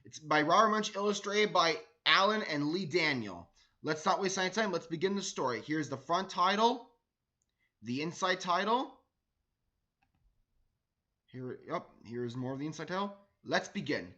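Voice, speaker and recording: A man's voice: a little high, animated, normal speed, sharp tone, muffled recording. A man reading a children's storybook aloud as a read-along host, enthusiastic, often stumbling over and repeating words.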